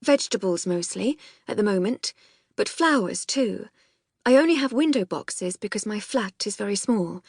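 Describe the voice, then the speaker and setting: A woman reading an audiobook, voicing a composed, quietly firm young woman applying for gardening work. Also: mid-range voice, normal speed, no echo, clean studio sound. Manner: poised, steady, quietly firm. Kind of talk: audiobook character voice.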